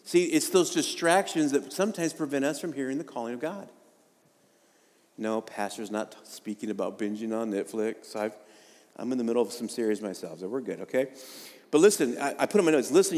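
A man's voice: a little high, big-room sound. A male pastor preaching a sermon in a conversational way, with jokes and rising emphasis.

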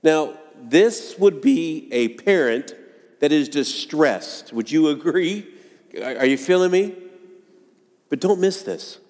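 A man preaching a sermon to a congregation, earnest and dramatic, acting out quoted lines with pauses. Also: a little high, animated, a little mellow. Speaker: pastor. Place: church sanctuary. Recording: long hall reverb.

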